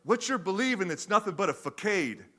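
An excitable comedian with a loud, high and animated voice, as a pastor puts him on. He sounds bright and pushes hard on every line. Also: brisk, slightly rough, full character voice. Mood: excited. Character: excitable adult male comedian.

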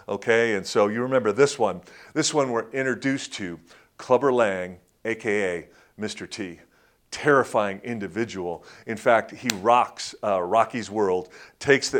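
Man, preacher, casual sermon, fillers and restarts, acts out quotes loudly. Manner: acts out movie quotes in a louder, higher voice. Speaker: pastor.

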